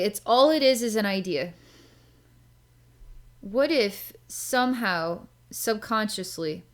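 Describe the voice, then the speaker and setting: Lady psychic rambling through a session, lots of likes and ums, mid pitch. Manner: chatty, rambling, many filler words. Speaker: psychic reader. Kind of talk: casual spoken psychic session.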